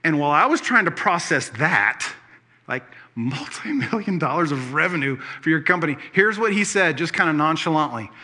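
A middle-aged man delivers a sermon with a bright, fairly high voice. He retells scripture in a lively, animated way and drops in playful jokes along the way. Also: normal speed. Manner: animated storytelling with playful asides. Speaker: pastor.

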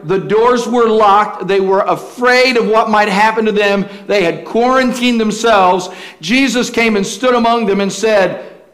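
A pastor with a notably high voice delivers a sermon in a folksy, storytelling manner. He often backs up and restarts his sentences as he talks. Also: a bit bright.

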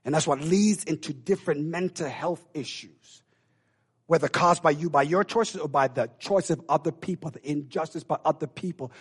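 Male preacher, high and husky voice, impassioned sermon that swings from loud calls to hushed intensity.

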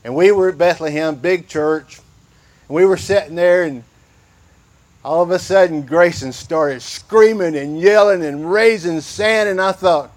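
Older man preaching slowly, high voice, folksy sermon style. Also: darkish tone. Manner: folksy, conversational preaching with acted-out quotes; slow and drawn out. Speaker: pastor.

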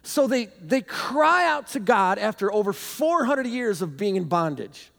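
A man preaching a sermon as pastor, telling animated stories with bursts of shouting and laughter. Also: high-pitched, a little slow, vocal fry. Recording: long hall reverb.

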